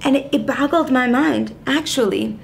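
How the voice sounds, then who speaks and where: A woman educator telling a personal story in an expressive way, her voice swinging from lively to hushed. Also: high voice, moderate pace, creaky, a little hiss or hum. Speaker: Jewish educator and coach.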